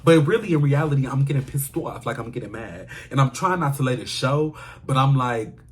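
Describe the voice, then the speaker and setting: A man telling a personal story in a casual storytime vlog, animated and dramatic, with slangy asides to his viewers. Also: medium pitch, fairly quick, breathy edge.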